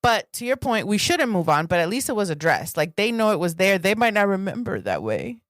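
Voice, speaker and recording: A woman's voice: mid-range voice, sing-song, brisk, dry recording, clean studio sound. A woman co-hosting a podcast, talking candidly about family with quoted voices and laughing asides. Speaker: podcast co-host. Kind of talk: casual chat.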